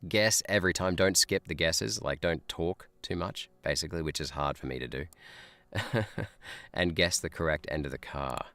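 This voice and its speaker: Low-voiced guy streaming a game, rambling and laughing, dry close sound. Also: moderate pace, a bit bright, no echo. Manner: thinks aloud, chatty, laughs often. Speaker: teacher streaming a browser game. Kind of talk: live gameplay chat.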